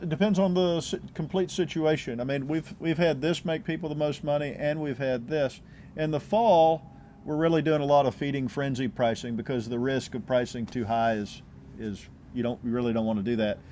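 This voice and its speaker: Relaxed guy talking shop, restarts a lot, faint noise in the back. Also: mid-range voice, brisk. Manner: easygoing, restarts phrases often. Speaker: real estate agent. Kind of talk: casual interview answers.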